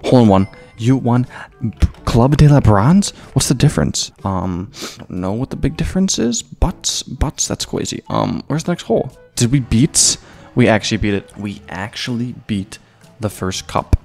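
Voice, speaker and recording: A man giving excitable, jokey gameplay commentary as a gaming YouTuber, throwing in mock-Spanish phrases. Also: mid-range voice, moderate pace, vocal fry, soft background music.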